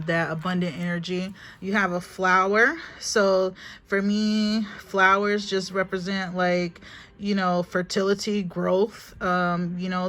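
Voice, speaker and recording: A woman's voice: on the low side, a bit bright. A woman giving a casual spiritual reading to a phone, chatty and emphatic, repeating herself and calling viewers honey. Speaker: spiritual reader.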